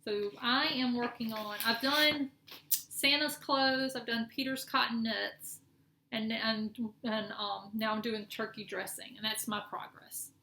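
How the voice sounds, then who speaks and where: Chatty woman with a bright gravelly voice. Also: fairly high pitch, fairly even intonation, measured pace. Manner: chatty, rambling, self-correcting. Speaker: cross-stitch vlogger. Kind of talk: casual show-and-tell chat. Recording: echoey room with faint noise.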